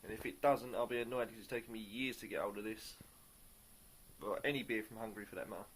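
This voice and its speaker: A man reviewing a beer on camera in a casual, upbeat way, pausing often to search for words. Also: fairly low pitch, fairly even intonation, fairly bright tone, slight background noise. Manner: upbeat and enthusiastic.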